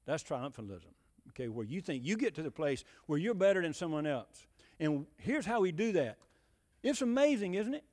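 A male preacher delivers a folksy sermon. His high voice swings widely in pitch as he drives home rhetorical questions. The delivery is emphatic and conversational. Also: big pitch swings, normal speed, darkish tone, big-room sound.

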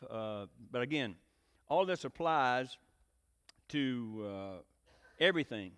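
A man's voice: medium pitch, animated, takes it slowly, a bit bright, clear, resonant tone. A man preaching a joking, folksy sermon, often rising into emphatic bursts. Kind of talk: sermon with jokes. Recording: long reverb of a hall.

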